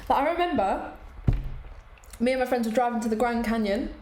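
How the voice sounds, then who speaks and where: A young British woman from the UK chatting casually on a cooking live stream, animated and laughing often as she eats and answers viewers. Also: a little high, a little fast, a little hiss or hum. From United Kingdom. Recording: echoey room with faint music behind.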